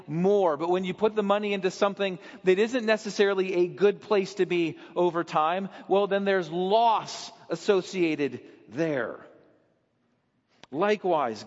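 A man preaching a sermon in an emphatic way, often letting his voice sink low and quiet. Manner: emphatic, with sudden drops in pitch and volume. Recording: dull recording with long hall reverb.

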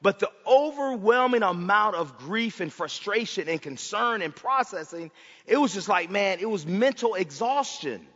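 Impassioned high-voiced male preacher. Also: expressive, normal speed. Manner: impassioned, swings between loud and hushed. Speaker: pastor. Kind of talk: sermon. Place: church sanctuary. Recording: dull sound with long hall reverb.

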